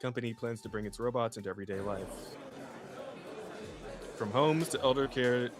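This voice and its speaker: A man's voice: mid-range voice, normal speed, a crowd in the background. A man co-hosting a podcast, chatting casually and profanely as he reacts to videos, often laughing. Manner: profane, laughing, loose rambling. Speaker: podcast co-host.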